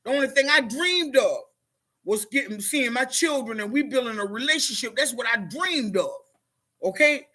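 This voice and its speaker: A woman's voice: fairly high pitch, sharp tone. Heartfelt middle-aged woman testifying to viewers. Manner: heartfelt, preachy, talks straight to viewers with y'all and guys. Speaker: motivational speaker. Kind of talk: emotional live-stream testimony.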